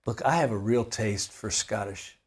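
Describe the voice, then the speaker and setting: A man's voice: fairly low pitch, normal speed, slightly rough. A man in his seventies, a guitar maker, talking casually in an interview, rambling and laughing as he tells stories. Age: 70s. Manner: rambling, animated, laughs while telling stories. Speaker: guitar maker and company founder.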